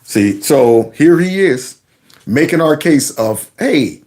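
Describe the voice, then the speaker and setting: This is a man running his own commentary vlog. He talks in a folksy, mocking way, and his pitch swoops widely while sitting somewhat high for a man. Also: expressive, takes it slowly, a little mellow. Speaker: commentary channel host.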